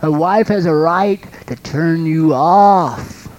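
A man preaching a sermon as a pastor and counselor, telling lively stories that act out little scenes with sound effects and laughing between his points. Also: fairly high pitch, takes it slowly, lo-fi sound.

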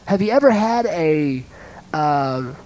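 High-voiced man preaching with lively storytelling. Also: slow, poor audio. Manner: lively storytelling, acts out scenes with sound effects; laughs between points. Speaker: preacher and counselor. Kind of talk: sermon.

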